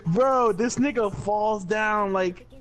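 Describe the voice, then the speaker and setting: A young man telling a story in a casual, animated way, full of slang and swearing and laughing often. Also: high-pitched, slow pace, background noise.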